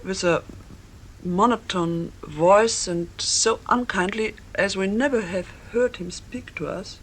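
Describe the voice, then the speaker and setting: An older woman recalling events in a slow, halting way, restarting phrases and using grammar. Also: mid-range voice, background noise. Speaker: eyewitness interviewee. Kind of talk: recalled testimony.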